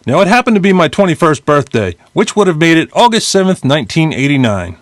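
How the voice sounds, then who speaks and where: Lively storytelling man in his fifties. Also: a little high, fast talker, no room sound, studio quality. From New Jersey. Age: 50s. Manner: lively, blunt storytelling with casual swearing. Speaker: memoir narrator. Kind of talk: audiobook reading of his own memoir.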